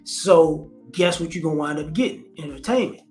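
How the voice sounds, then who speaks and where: A man's voice: fairly high pitch, normal speed, faint music behind. A man hosting a casual commentary vlog, talking in slang, repeating phrases and acting out quotes. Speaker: host.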